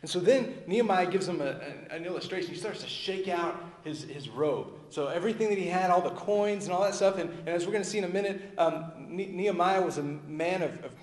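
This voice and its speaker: A male pastor preaching a sermon in a conversational way, dropping low and soft at the ends of phrases. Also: a little fast, hardly any pauses. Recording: echoey hall with long reverb.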